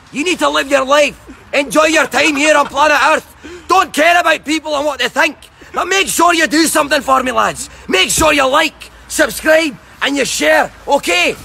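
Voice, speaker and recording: A man voicing a rowdy, hot-tempered Scotsman with a Scottish accent, shouting, swearing and laughing in a shop. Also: very high voice, moderate pace, gravelly, voice pushed down, full character voice. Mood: rousing. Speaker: comedy vlogger. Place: shop aisles. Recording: loud shop background noise.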